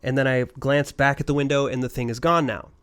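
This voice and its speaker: A man's voice: medium pitch, steady tone, fast, a bit bright, clean tone. A man co-hosting a casual podcast, telling a rambling ghost story full of swearing. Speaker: podcast co-host.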